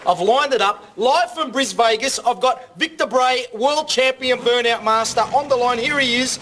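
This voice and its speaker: High-voiced Australian larrikin host. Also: male voice, moderate pace, bright, forceful tone. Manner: laid-back, crude larrikin banter. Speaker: comedy show host. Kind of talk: live sketch comedy.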